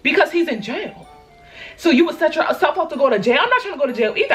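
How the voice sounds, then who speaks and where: A young woman from Baltimore, a vlogger telling a story in a lively, slangy and dramatic way. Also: high-pitched, fast, faint music behind. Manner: animated, slangy, dramatic retelling. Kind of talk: casual storytime.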